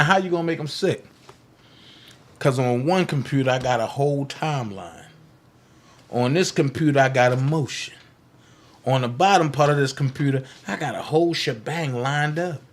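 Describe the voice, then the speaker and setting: A man hosting a political livestream, delivering a heated, defiant monologue that taunts his critics, repeats phrases for emphasis and swings from loud outbursts to hushed asides. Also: a little high.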